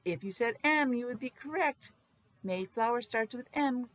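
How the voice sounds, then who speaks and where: A woman teacher with a Rhode Island accent reading a picture book aloud to young children, sounding out letters slowly and repeating words in a sing-song way. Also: fairly high pitch, lively intonation.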